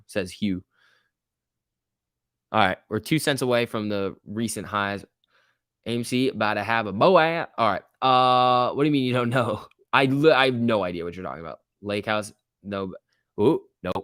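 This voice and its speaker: A young man with a lowish voice hosts a casual stock-market live stream, chatting through viewer comments and urging the price on. The sound is dry and close, with no room around it. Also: fairly bright tone, clear, resonant tone, no echo. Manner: chatty, reacts to chat and price moves, cheering the chart on. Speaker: stock market livestream host.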